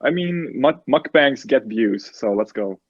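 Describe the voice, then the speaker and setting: A man's voice: medium pitch, animated, measured pace, slightly rough, no room sound, dull audio. A man co-hosting a casual podcast chat, making dry, understated quips. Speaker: podcast co-host.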